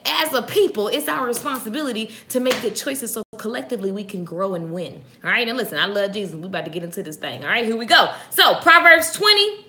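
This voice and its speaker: A woman hosting a casual inspirational live stream, energetic and chatty, greeting viewers by name. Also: fairly high pitch, fast, slight background noise.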